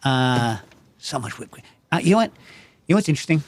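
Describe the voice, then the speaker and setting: A man's voice: mid-range voice, sing-song, a little fast, dry recording. Rambling man host with a dry sound. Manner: rambling, digressive, full of "you know what I mean". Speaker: show host. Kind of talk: casual call-in show chat.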